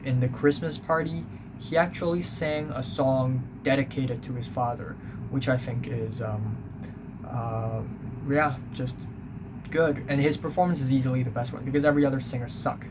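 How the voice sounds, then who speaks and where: With a hum running steadily behind him in a home recording, a young vlogger tells casual stories about school, rambling, blunt, and offhand, filled with ums and uhs. His voice is mid-range.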